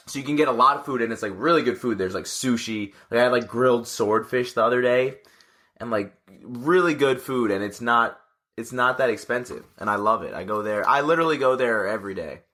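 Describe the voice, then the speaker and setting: A young man in his twenties co-hosting a podcast, laid-back and quick to laugh in casual chat. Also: mid-range voice, pushed and bright. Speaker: podcast co-host.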